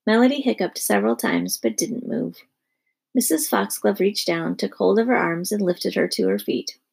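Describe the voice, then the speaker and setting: A woman narrating a children's storybook in a lively storytelling manner. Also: mid-range voice, normal speed, vocal fry, breathy edge.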